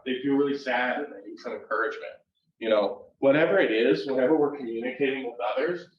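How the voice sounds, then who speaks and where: A man's voice: mid-range voice, slight background noise. A male university counselor leading a live workshop, talking conversationally and often checking in with "right?". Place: classroom or workshop room. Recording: roomy, distant and dull live room recording.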